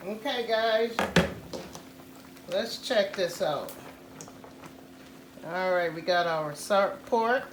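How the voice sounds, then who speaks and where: A woman hosting a casual home cooking tutorial, talking slowly and repeating "guys" to her viewers. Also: medium pitch, roomy sound, noisy background. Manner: slow, repetitive, says "guys" often. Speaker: cooking channel host.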